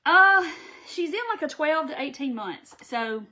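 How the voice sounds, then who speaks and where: A woman's voice: sits high, expressive, unhurried, pushed and bright. A middle-aged woman, hosting a casual live stream, chatty and gushing, talking to viewers by name and laughing often. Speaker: craft channel host.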